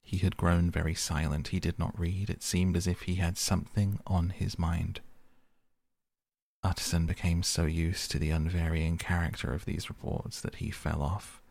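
A man narrating an audiobook in a soft, slow, calm bedtime reading style. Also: low-pitched, gravelly.

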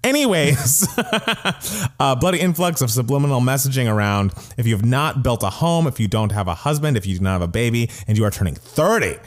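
Animated man chatting on a podcast. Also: mid-range voice, brisk. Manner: animated, jokey, trails off into laughs. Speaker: podcast co-host. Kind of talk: casual chat.

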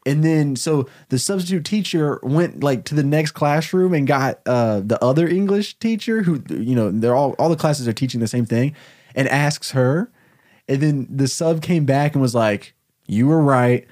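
A man's voice: on the high side, lively intonation, normal speed, darkish tone. A man in a casual brainstorming chat who talks in a playful, slangy way and jokes boastfully. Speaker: co-writer brainstorming.

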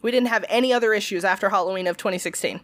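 A woman's voice: medium pitch, very fast, dry recording. A woman co-hosting a casual podcast, blunt and dramatic, swearing often. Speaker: podcast co-host.

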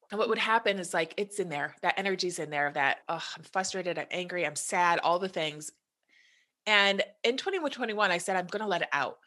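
Bright-voiced woman coaching, earnest and chatty. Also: fairly low pitch. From United States. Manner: earnest, many fillers like "you know". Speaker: health coach guest. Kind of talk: casual podcast conversation.

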